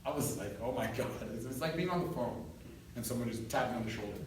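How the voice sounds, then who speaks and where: A man telling a long story in a casual chat, animated and laughing often, acting out what others said. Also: mid-range voice, fast talker, background noise. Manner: animated, laughs often, acts out quoted voices. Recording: echoey room from far off.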